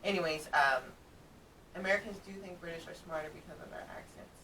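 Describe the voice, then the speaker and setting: A woman co-hosting a casual reaction chat, animated and laughing often as she explains her views at length. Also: lowish voice, fairly quick, distant mic, slight background noise, rough recording. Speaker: co-host reacting to comedy.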